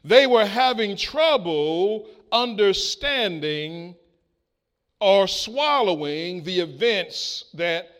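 A male preacher reading scripture and expounding on it in a deliberate sermon, prompting the congregation to respond. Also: high-pitched, expressive, a bit bright, smooth. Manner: slow, deliberate delivery with call-and-response prompts; acts out biblical speakers in quoted voices.

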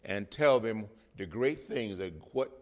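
A man in a church preaching a sermon, animated, rising to shouts and chuckling between points. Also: fairly low pitch, unhurried. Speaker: guest preacher.

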